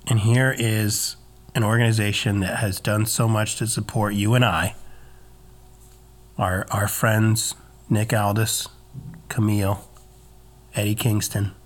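A man co-hosting a podcast, chatting casually with wry jokes and quick comebacks. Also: on the low side, little pitch movement. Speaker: podcast co-host. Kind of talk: casual chat.

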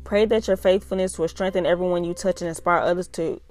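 A woman's voice: on the low side, fairly even intonation, fast, darkish tone. A young adult woman, earnestly reading and talking through scripture in a casual devotional vlog. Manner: earnest, emphatic, repeats "y'all". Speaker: faith vlogger reading devotional.

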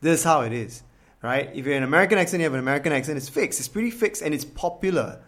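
A man's voice: on the high side, animated, rapid-fire, a bit bright. A man from Singapore with a Singaporean English accent, talking casually and thoughtfully, often repeating words as he searches for them. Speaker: rapper and podcast guest. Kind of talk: casual chat.

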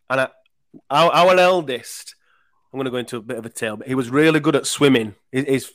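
A man's voice: mid-range voice, fairly bright tone. A man in his thirties hosting a podcast, telling rambling emotional stories in casual chat and swearing freely.

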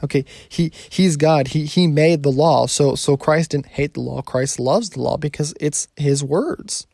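Gravelly-voiced man giving a casual sermon. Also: fairly high pitch, measured pace, a little mellow, no echo, clean studio sound. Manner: conversational, frequent restarts and self-corrections. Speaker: Bible teacher.

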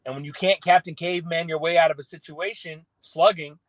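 Southern guy ranting about college sports, fairly high voice, dry close mic, keeps restarting his sentences. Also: brisk, no echo, rough recording. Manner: opinionated, animated, restarts phrases. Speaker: sports radio guest. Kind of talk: casual sports talk.

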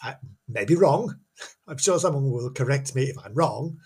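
A man's voice: medium pitch, animated, normal speed, a little mellow, slightly rough. A man hosting a ghost-story podcast in a chatty, self-mocking way, often stumbling over and repeating his words. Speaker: podcast host.

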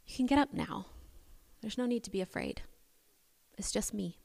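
A woman voicing a gentle, reassuring male teacher. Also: medium pitch, huge pitch swings, normal speed, creaky, full character voice. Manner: soft, gentle. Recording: long hall reverb.

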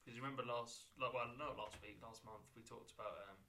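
A man co-hosting a comedy podcast with a bright, crisp voice. His tone stays casual and playful as he steers the chat along. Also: mid-range voice, fairly even intonation, fast, slight background noise. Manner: playful, leads the segments, riffs with mock accents. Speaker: podcast co-host.

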